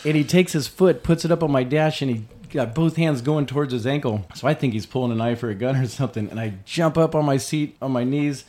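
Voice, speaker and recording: A man's voice: medium pitch, brisk, hardly any pauses, darkish tone. A man co-hosting a podcast, telling a long rowdy story in casual chat, acting out the quotes and swearing freely. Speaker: podcast co-host.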